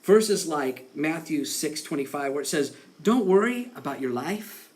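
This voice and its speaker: Male pastor, casual animated sermon delivery, fairly high voice with lively pitch swings. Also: unhurried. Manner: conversational, animated, acts out quotes with laughs.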